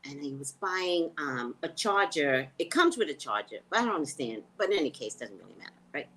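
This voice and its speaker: A woman talks straight into her live stream, her pitch swinging widely as she vents. Her delivery is exasperated and profane, casual and conversational, and she breaks off to greet viewers. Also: fairly quick, slight background noise, poor audio. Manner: animated, profane, exasperated storytelling. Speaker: live stream host, tarot reader. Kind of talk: casual livestream rant.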